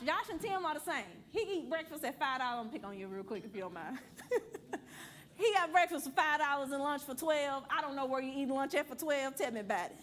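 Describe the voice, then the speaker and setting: A woman leads a money class in a church room, her voice sitting a little high. She talks blunt and playful, quizzing the group and pushing them to do the work. A faint hum of the room sits under her. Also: a bit bright. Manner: blunt, playful, preachy, calls and asks the room. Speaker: financial class teacher at a church. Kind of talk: lively classroom teaching.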